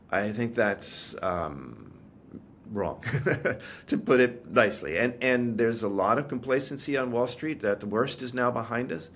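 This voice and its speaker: A man's voice: mid-range voice, fairly bright tone, a little hiss or hum. A man answering interview questions as a market analyst, candid and emphatic, thinking aloud in long explanatory runs. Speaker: commodities analyst guest.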